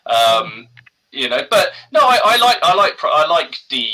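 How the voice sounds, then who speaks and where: A man's voice: fairly high pitch, very animated, a little slow, pushed and bright, low-quality recording. A man, co-hosting a casual podcast chat, hesitant with many ums and restarts. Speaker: podcast co-host.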